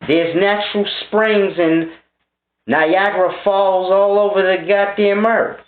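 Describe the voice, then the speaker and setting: A man's voice: sits high, steady tone, slow pace. A man in his thirties delivering a blunt, scornful, profane monologue rant to his viewers. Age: 30s. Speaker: vlogger. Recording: tinny, phone-like and roomy.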